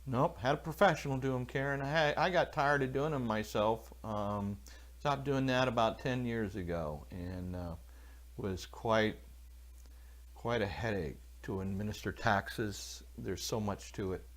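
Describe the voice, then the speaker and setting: A man's voice: fairly low pitch, a little slow. A man, a pastor, giving a loose, rambling Bible talk on a livestream from his church while answering viewers in the chat by name. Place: church, alone.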